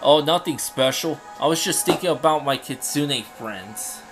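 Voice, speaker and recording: A man doing a cheerful male fox spirit from a fantasy game, bouncy and childlike. He is easily distracted and a little naive, and he is given a slightly raised pitch over faint music. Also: measured pace, a bit bright. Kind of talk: fan dub of game dialogue.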